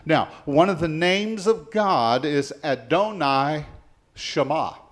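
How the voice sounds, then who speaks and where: A man preaching a sermon as pastor, leading the congregation in call-and-response and swinging between soft and loud passages. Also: a little high, animated, takes it slowly.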